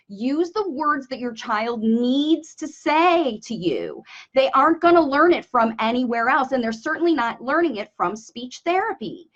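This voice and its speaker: A woman answering parents' questions in a live Q&A, giving direct, emphatic coaching advice. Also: fairly high pitch. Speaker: speech facilitation coach. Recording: dull lo-fi livestream audio.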